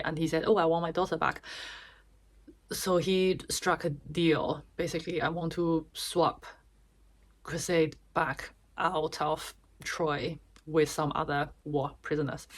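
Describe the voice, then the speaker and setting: A woman vlogger giving a chatty, casual summary of a book, with restarts and small laughs. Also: sits low.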